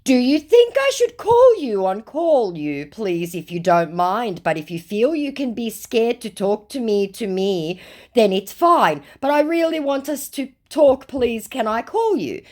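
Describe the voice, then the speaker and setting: Whiny, wounded scammer man put on by a woman, high and drawn-out, begging in broken English. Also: big pitch swings, darkish tone. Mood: pleading. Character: pleading, self-pitying male online scammer.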